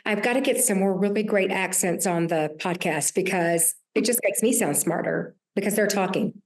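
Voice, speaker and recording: A woman's voice: mid-range voice, normal speed. A woman in her sixties with a Southern US accent, a podcast host talking earnestly about her year, with many restarts. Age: 60s. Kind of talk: reflective conversation.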